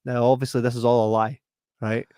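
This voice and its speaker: A man's voice: fairly quick, clear, resonant tone, dry recording. A Scottish man co-hosting a podcast, telling a story in casual chat, acting out the other people in it and laughing often. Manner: animated, acts out voices with big pitch jumps, laughs often. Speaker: podcast co-host.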